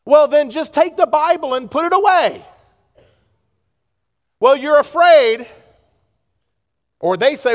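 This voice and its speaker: Man preaching, high voice, fervent, loud then hushed, long hall reverb. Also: expressive, slow, pauses often. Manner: impassioned preaching, swings from loud urgency to hushed pleading. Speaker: pastor. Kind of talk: sermon. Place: church sanctuary.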